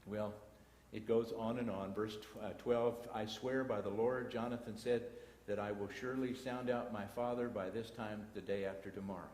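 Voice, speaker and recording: Reading scripture and dropping in folksy side comments, a Texan-accented man leads a Bible class in a church auditorium. He speaks at a normal speed in a fairly low, steady, slightly mellow voice. It's an echoey church hall broadcast.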